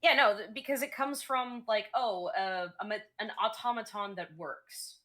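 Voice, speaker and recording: A woman's voice: fairly high pitch, steady tone, normal speed, bright, forceful tone. A woman streamer chatting casually, explaining things in a hesitant way with many fillers and restarts.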